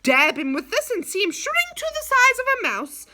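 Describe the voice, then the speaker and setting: A woman voicing a loud male goblin hawker who bellows his sales patter in a storybook. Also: extremely high pitch, big pitch swings, normal speed, pitched above the performer's own voice, full character voice. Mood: boastful.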